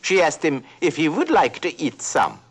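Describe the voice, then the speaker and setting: A man's voice: fairly high pitch, sing-song, normal speed, husky, heavily acted. An actor playing an eccentric old male duck professor, rambling and giggling as he tells a storybook tale. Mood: playful. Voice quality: giggly, rambling, self-correcting. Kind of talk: storybook narration for a talking toy.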